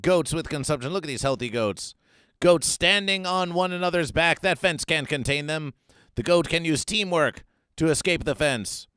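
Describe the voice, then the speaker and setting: A man hosting a comic mock-news stream, reading and riffing in a theatrical way that swings from hushed asides to loud outbursts. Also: on the high side, clear, resonant tone, dry recording. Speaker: host.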